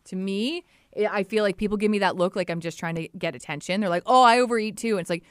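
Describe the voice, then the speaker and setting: Candid woman, smooth clear voice. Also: on the low side, no echo, clean studio sound. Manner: candid, animated, quotes people in playful voices. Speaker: podcast co-host. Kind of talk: casual chat.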